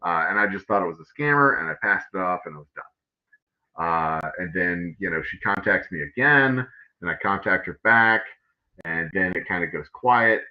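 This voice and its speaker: A very low-voiced man with a drawl spins a meandering, profane story for his livestream chat. He keeps restarting sentences and dropping "uh" and "you know". The audio is dull and lo-fi. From Texas. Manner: rambling, profane, many fillers and restarts. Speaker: distillery owner hosting a livestream.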